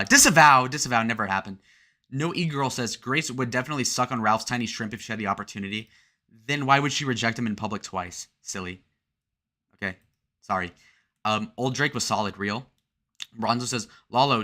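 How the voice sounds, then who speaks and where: A man hosting a livestream, reading chat messages aloud and joking crudely, with sudden loud shout-outs. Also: lowish voice. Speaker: livestream host.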